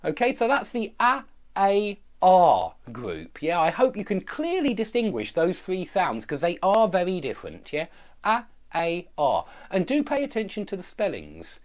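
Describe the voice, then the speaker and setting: A man with a Southern English accent teaching pronunciation, drilling word lists with slow, exaggerated enunciation and checking in with "yeah?" and "okay?". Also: sits high, wildly swooping pitch. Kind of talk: online pronunciation lesson.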